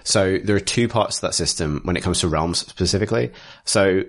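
A man's voice: sits low, a little fast. A man co-hosting a casual tabletop gaming chat, rambling through detailed rule explanations with frequent fillers and restarts.

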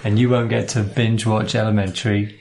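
A woman co-hosting a casual games podcast, chiming in with quick playful remarks. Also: very deep voice, flat delivery, gravelly, darkish tone, a little hiss or hum. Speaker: podcast co-host. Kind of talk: casual chat about games.

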